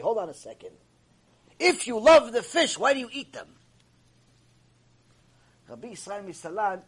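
A man gives an animated Mussar lecture in a high, husky voice. His pitch swings widely as he repeats key lines and keeps pressing with rhetorical questions. He lectures with lively energy. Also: poor audio. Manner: repetitive, acts out dialogue, rhetorical questions. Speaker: Torah teacher giving a Mussar lecture.

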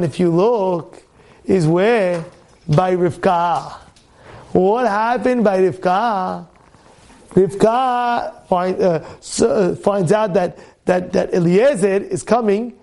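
High-voiced, animated rabbi teaching. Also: male voice. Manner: animated, repeats words, rhetorical questions; acts out students' complaints in a raised voice. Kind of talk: weekly Torah portion class.

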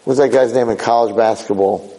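A man giving a sermon as a rabbi, animated and conversational, repeating phrases for emphasis. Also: medium pitch, fairly quick, low-quality recording.

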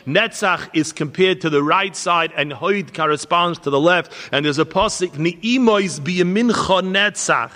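A rabbi teaching in a slightly high, bright voice. He tells stories and then presses earnest questions on his listeners. The hall carries a long reverb. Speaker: rabbi giving a weekly lecture. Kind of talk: spoken Torah lecture.

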